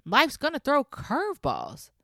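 A woman's voice: high-pitched, huge pitch swings, a little slow, creaky, bright, forceful tone, no room sound, clean studio sound. A young woman hosting a solo podcast, talking casually and emphatically as she encourages her listeners. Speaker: podcast host.

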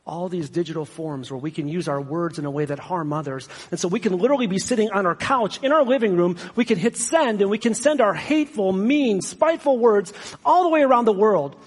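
A man's voice: high voice, fairly quick, husky. A man preaching a sermon as pastor, conversational and self-deprecating, with sarcastic asides. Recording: long hall reverb.

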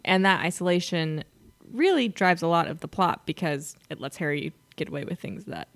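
A woman's voice: fairly low pitch, lively intonation, moderate pace, fairly bright tone. Chatty woman co-hosting a fan podcast. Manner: enthusiastic, explanatory, laughs often. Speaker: podcast co-host. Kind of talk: casual fan podcast chat.

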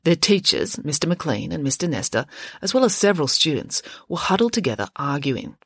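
A woman narrating a children's story in an expressive, animated reading style. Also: low-pitched, brisk, no room sound, studio quality.

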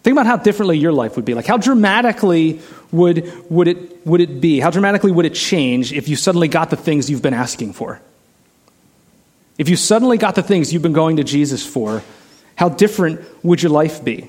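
A man's voice: a little high, animated, brisk, a little mellow. A man preaching a sermon in a casual, conversational way, asking the listeners many rhetorical questions. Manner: many restarts and "like" fillers. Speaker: pastor.

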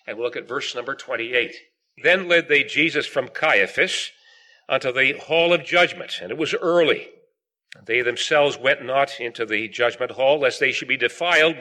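Bright-toned preacher man reading scripture. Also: mid-range voice. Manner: reads King James scripture aloud with rising emphasis.

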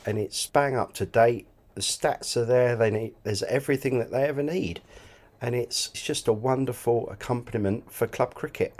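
Speaking at a normal speed in a mid-range voice with a darkish tone, a club cricket scorer guests on a podcast. He chats casually and with enthusiasm, frequently repeating words.

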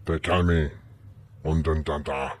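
A man voicing an alien's recorded message, chanting slow nonsense words. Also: very deep voice, fairly even intonation, darkish tone, slight background noise. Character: alien voice singing a looping message.

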